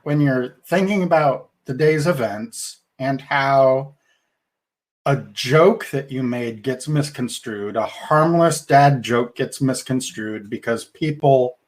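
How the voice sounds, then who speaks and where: A man's voice: medium pitch, darkish tone. A middle-aged man co-hosting a podcast, talking things through in a thoughtful, rambling way with restarts. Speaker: podcast co-host. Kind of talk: casual podcast discussion.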